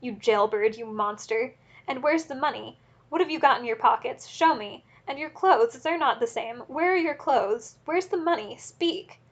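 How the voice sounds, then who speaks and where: A woman's voice: mid-range voice, moderate pace, gravelly, slightly rough, muffled recording. A woman reading aloud, voicing a feverish, furious mother who screams accusations at her drunk husband. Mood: frantic fury.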